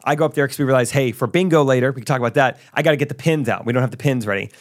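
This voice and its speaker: Young male podcast co-host, casual storyteller, animated when quoting people. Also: mid-range voice, rapid-fire. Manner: storytelling, excitable, acts out quotes. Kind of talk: casual chat.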